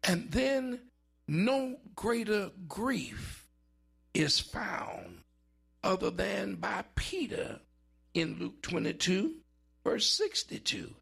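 A man preaching a sermon in a dramatic style, with big swings in pitch and drawn-out words for emphasis. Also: wildly swooping pitch, gravelly, a bit bright, husky.

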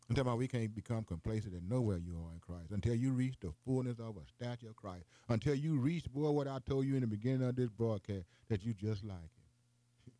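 A little fast and dark in tone, an older man's folksy broadcast sermon keeps addressing listeners as "boy" and builds into high, emphatic runs. The recording is dry.

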